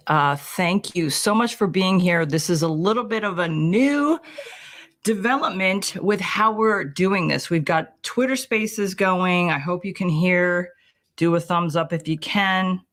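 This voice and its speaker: A woman's voice: on the low side, slow pace, fairly bright tone. A woman co-hosting a casual live stream, who laughs often and rambles with self-deprecating asides. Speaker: co-host.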